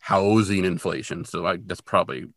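A man's voice: low voice, moderate pace, no room sound, clean studio sound. A man co-hosting a podcast, recapping an episode in a chatty, self-deprecating way with lots of fillers. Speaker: podcast co-host.

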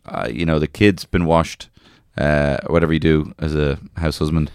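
A man's voice: rumbling low, flat delivery, normal speed, gravelly, a little mellow, clean tone, no room sound, studio quality. A young man co-hosting a podcast, rambling through crude comedic banter with lots of fillers. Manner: rambling, with frequent fillers and laughs. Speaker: podcast co-host.

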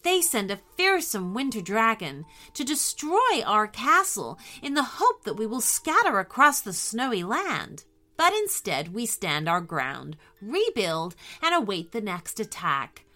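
Slow, expressive woman storyteller. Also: medium pitch, soft background music. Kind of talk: scripted children's story narration.

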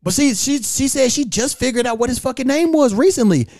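Man, podcast host, high voice, dry close sound, casual profane storytelling. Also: fairly quick, no echo. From California. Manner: profane, animated storytelling with acted-out quotes.

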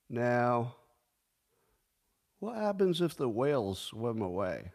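An older man in his sixties talks through the day's news on his own show, casual and unhurried. His voice sits in an ordinary middle range. He jokes with a deadpan, sarcastic edge and now and then bursts into mock outrage. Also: mid-range voice. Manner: sarcastic, deadpan joking with sudden mock outbursts. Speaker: podcast host. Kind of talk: casual solo commentary.

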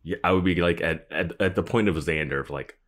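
A man co-hosting a podcast, chatting casually about a TV episode in a laid-back way and trailing off into quiet asides. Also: low-pitched, a little fast. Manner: laid-back, drifts into mumbled asides and laughs. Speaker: podcast co-host. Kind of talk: casual chat recapping a TV episode.

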